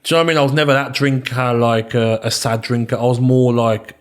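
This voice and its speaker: This podcast guest, a man in his thirties from Birmingham, talks quickly in a mid-range voice with fairly even intonation. He's relaxed and rambling, with plenty of ums and a running "do you know what I mean."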